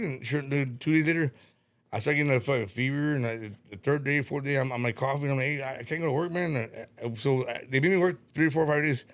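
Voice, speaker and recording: A man's voice: mid-range voice, very fast. A middle-aged man telling stories in casual podcast chat, repeating words, swearing and laughing as he rambles. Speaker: podcast guest.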